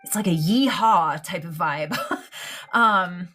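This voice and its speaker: A woman's voice: lowish voice, slow, a bit bright, soft background music. A woman giving a live-streamed mediumship reading, affectionate and hesitant, full of ums and likes. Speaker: psychic medium.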